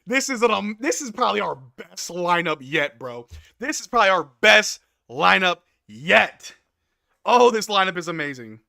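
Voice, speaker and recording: Man, high voice, bright and sharp, dry close sound, live game hype commentary. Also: vocal fry, no room sound. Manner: hype play-by-play, shouts on big plays. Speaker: live stream watch-along host.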